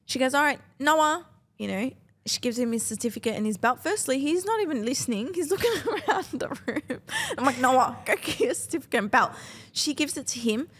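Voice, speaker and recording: A young woman, co-hosting a podcast and telling a story in casual, animated chat, swearing often and acting out other people's lines. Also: high-pitched, brisk, slightly rough. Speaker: podcast co-host.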